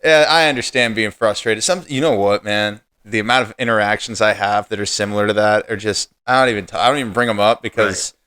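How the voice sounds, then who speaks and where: A male comedian in casual podcast chat, telling stories in an animated, profane way. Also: fairly low pitch, fast, few pauses, clear, resonant tone, no echo.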